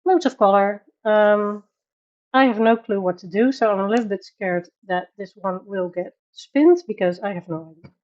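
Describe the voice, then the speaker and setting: A woman's voice: mid-range voice, normal speed, darkish tone, dull audio. A woman with a Dutch accent hosting a casual coloring livestream from her bedroom, chatting, laughing often and greeting viewers by name. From Netherlands. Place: home bedroom.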